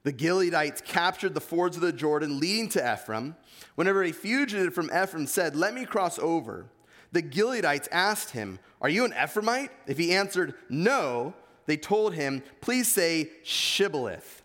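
A man's voice: on the high side, very animated, moderate pace, a bit bright. A man with an East Coast American accent preaching a sermon, reading scripture and pressing his points earnestly. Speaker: pastor. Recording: long hall reverb.

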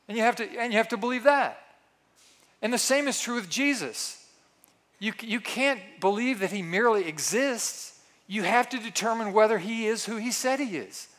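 A middle-aged man preaching a sermon in an animated way, acting out the voices he quotes. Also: extremely high pitch. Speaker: pastor.

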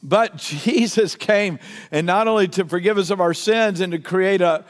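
A male pastor delivers a fervent sermon in a church sanctuary, his voice sitting high for a man. He stacks emphatic repeated phrases and then eases down into soft, slow readings. The sound rings with the long reverb of a large hall.

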